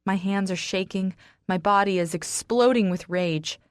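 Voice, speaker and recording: A woman narrating an audiobook in the first person, reading dramatically and with strong emotion, pushing into shouts in the dialogue. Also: medium pitch, unhurried, no room sound, studio quality.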